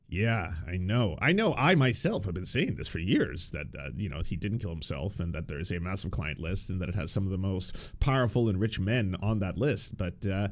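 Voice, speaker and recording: A man's voice: on the low side, very animated, moderate pace. A man giving casual, sarcastic political commentary, often restarting his words.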